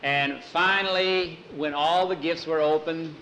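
A man telling a homespun story aloud, halting with fillers as he goes. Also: a little high, fairly even intonation, noisy background. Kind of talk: folksy oral storytelling.

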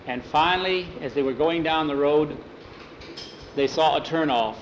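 A man's voice: on the high side, normal speed, a little hiss or hum, poor audio. A man telling a western story aloud in a folksy way, tagging lines with "he says.". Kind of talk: oral storytelling.

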